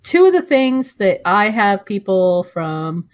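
A woman co-hosting a casual podcast, chatty and quick with a laugh. Her pitch sits in the middle range, and she trades quick asides with her co-host. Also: big pitch swings. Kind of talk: casual chat.

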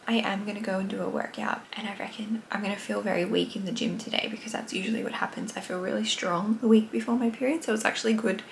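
A woman's voice: medium pitch, steady tone, quick pace, vocal fry, hardly any pauses, a little hiss or hum. A young Australian woman with a slight lisp, vlogging casually, frank and swearing freely, sometimes dropping to a whisper. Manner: chatty, frank and swears freely, often drops to a hushed whisper. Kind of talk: casual vlog to camera.

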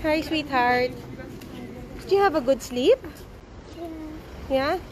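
A high-voiced woman keeps a family chat going with teasing, laughing questions. A faint hum of the car sits behind her. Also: expressive, takes it slowly, a little mellow. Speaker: mother and vlogger.

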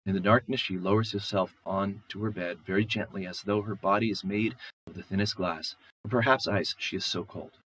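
A man's voice: low-pitched, a bit bright, breathy edge, rough recording. A male professor lecturing on a short story, reading passages aloud and talking in a loose, conversational way with many fillers. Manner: conversational, many "you know" and "okay" fillers. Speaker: literature professor.

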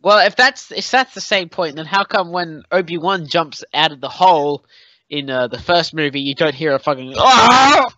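A man's voice: fairly high pitch, normal speed, pushed and bright, no room sound. A young man co-hosting a podcast in casual banter, crude and profane, with jokey outbursts. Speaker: podcast co-host. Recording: dull, lo-fi dry home recording.

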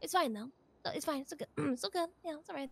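A woman's voice: high-pitched, quick pace, vocal fry, no room sound. A woman playing a character in a game roleplay, talking in a hesitant way, repeating words and trailing off. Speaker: roleplay player.

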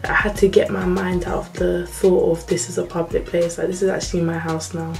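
A woman's voice: on the low side, little pitch movement, fairly quick, vocal fry, soft background music. A young woman, a university student chatting casually and bluntly to camera in her new room. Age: young adult.

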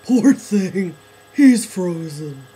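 A man's voice: high voice, expressive, very slow, dark tone, slightly rough, pitched above the performer's own voice, full character voice, rough recording. A man voicing a kindly farmer in a storybook, speaking in a caring way. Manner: kind, caring.

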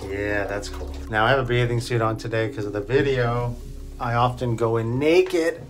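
A man's voice: mid-range voice, steady tone, normal speed, music in the background. Candid man coaching from a cold bath. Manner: candid, self-deprecating, coaching tone. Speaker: wellness vlogger. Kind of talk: casual talk to camera. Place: home bathroom, in a cold bath.

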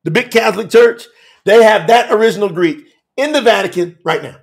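A man preaching fiery and emphatic to a telethon audience as a scripture teacher, repeating phrases and shouting at times. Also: high-pitched, fairly quick, vocal fry.

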